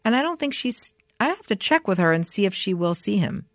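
A woman's voice: mid-range voice, big pitch swings, fairly quick, no room sound, studio quality. A woman co-hosting a podcast who mostly answers with short agreements, then tells her own brief story. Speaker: podcast co-host. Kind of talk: casual chat.

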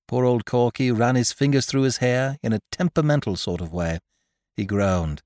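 A man reading a comic story aloud in first person, with an expressive, theatrical delivery. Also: medium pitch, moderate pace, dry recording, studio quality. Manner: lively and theatrical, bright comic timing. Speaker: audiobook reader.

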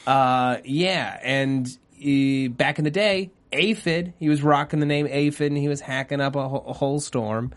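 A man's voice: mid-range voice, moderate pace, hardly any pauses. A man hosting a casual chat about a TV episode, joking and slipping into goofy voices. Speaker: podcast host.

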